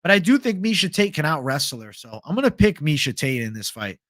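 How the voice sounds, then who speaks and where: A young man hosts an MMA livestream, chatting casually about fight picks, swearing and reading viewer comments aloud. His voice is on the high side, very animated, quick and a bit bright, captured as clean studio sound with no room noise.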